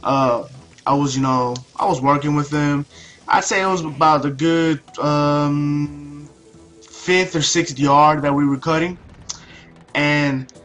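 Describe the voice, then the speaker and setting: Young man ranting, bright voice. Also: fairly high pitch. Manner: profane, ranting, hesitant restarts. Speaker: video commentator. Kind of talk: casual storytelling commentary.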